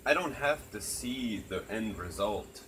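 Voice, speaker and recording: Man, lower voice, earnest and reflective, casual swearing; outdoor night take with loud crickets. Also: expressive, unhurried, slight background noise, poor audio. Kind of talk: casual chat. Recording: crickets chirping loudly behind.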